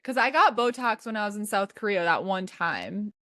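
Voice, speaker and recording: A woman's voice: medium pitch, expressive, normal speed, bright, forceful tone, no room sound, studio quality. A woman hosting a podcast in casual chat, rambling and giggling, with many restarts. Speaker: podcast host.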